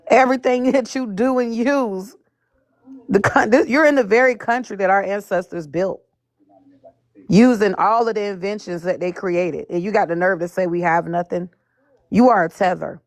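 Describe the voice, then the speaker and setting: A woman's voice: medium pitch, no echo, clean studio sound. A woman calling into a live stream, ranting angrily and swearing at someone. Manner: angry, profane, confrontational. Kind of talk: heated live-stream rant.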